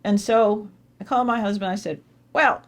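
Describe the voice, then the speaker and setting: A woman giving an inspirational speech at an awards dinner, telling stories with sudden jumps in pitch and repeating phrases for emphasis. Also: fairly even intonation, a little fast, darkish tone. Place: dinner event hall.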